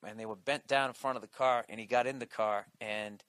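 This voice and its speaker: Ranting comedian man, bright dry voice. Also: on the low side, fairly even intonation, a little fast, clean tone, dry recording. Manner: profane ranting, mocking impressions. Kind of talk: podcast rant.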